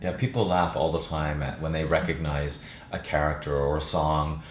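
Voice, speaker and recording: Deep-voiced older man, roomy sound. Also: moderate pace, a little hiss or hum. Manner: relaxed, reflective, with frequent fillers. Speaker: actor and playwright. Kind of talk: interview chat. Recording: roomy sound with faint ambience.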